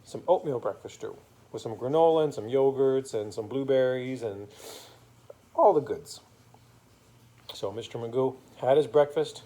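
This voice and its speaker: A man with a mellow, warm voice tells a bedtime story he invents as he goes. He is playful and rhyming, and stops now and then to make up details with fillers. His pitch sits in an ordinary middle range. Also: moderate pace, long pauses.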